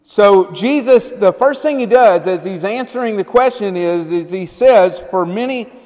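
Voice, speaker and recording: A male pastor with a high, animated, slightly mellow voice preaches an unhurried, loose sermon, constantly checking in with the congregation by asking "right?" and "amen?". He's in a church sanctuary, and the recording carries the long reverb of the hall.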